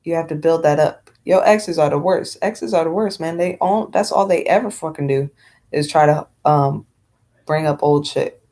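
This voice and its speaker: A woman with a slightly low voice rants on her vlog in a blunt, unfiltered way. She swears freely and rambles with lots of fillers and restarts. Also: normal speed, warm tone. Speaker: vlogger. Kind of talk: casual vlog rant.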